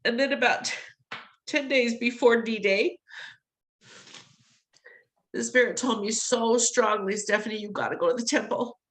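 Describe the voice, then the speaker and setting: A woman's voice: on the high side, poor audio. A middle-aged woman telling a personal story in an interview, acting out the voices she quotes and laughing between lines. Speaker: interview guest.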